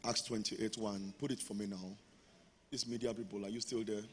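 A man's voice: on the low side, little pitch movement, moderate pace, a little hiss or hum. A man preaching a sermon as pastor, leading the congregation in call-and-response. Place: large church hall. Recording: long hall reverb with music.

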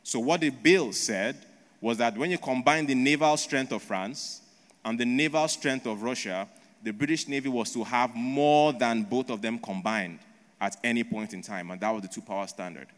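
A male preacher tells his sermon as a story, posing rhetorical questions and checking in with "right?" as he goes. His pitch is ordinary for a man, and the long reverb of a large hall trails each phrase.

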